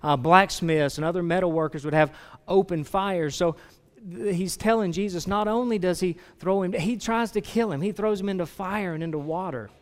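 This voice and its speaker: A pastor with a voice that sits high preaches conversationally at a moderate pace, questioning the congregation directly and often restarting phrases. The recording carries the long reverb of a large hall.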